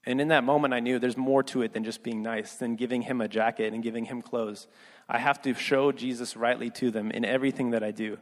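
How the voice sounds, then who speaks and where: A young man preaching, telling a personal story with earnest, quiet delivery that rises for emphasis. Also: mid-range voice, fairly even intonation, a little fast. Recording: long hall reverb.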